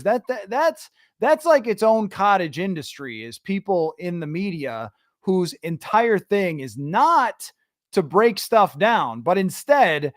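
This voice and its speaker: A man's voice: high-pitched, dry recording, clean studio sound. A man hosting a sports podcast, chatting casually, answering listener questions and thinking aloud. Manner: conversational, thinks aloud with restarts. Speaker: podcast host.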